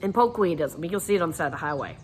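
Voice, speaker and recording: A woman's voice: on the low side, lively intonation, very fast, a little hiss or hum. A middle-aged woman with a Southern American accent from Atlanta, leading a guided laughter session in a chatty, folksy way, laughing often.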